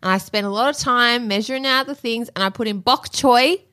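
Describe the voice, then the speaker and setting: Bright-voiced Australian woman, animated. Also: on the high side, fairly quick. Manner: animated, exasperated storytelling. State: pregnant. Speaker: podcast co-host. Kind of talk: casual chat.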